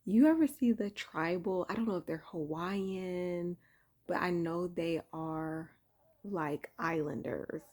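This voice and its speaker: Woman, lowish voice, hushed, casual storytelling, indoor room. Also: takes it slowly. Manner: speaking low and soft so as not to wake her sleeping son. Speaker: vlogger sharing a spiritual testimony.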